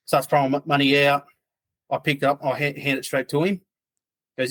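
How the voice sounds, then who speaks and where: A man's voice: mid-range voice, fairly even intonation, fast. A man, a podcast guest telling a story in a loose, rambling way. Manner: rambling, loose, full of "like" asides. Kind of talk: casual storytelling.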